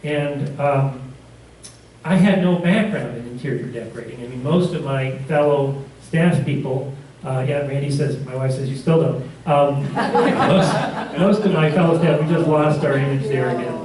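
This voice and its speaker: A man's voice: mid-range voice, unhurried, a little mellow, slight background noise. A man teaching a community class, telling stories in a casual, rambling way, often correcting himself mid-sentence. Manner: rambling, self-correcting storyteller with chuckles. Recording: roomy classroom from far off.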